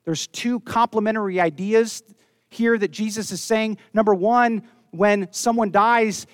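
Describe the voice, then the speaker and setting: A man preaching a sermon, earnest, dropping low and soft when he quotes scripture. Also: dry recording, studio quality. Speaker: pastor.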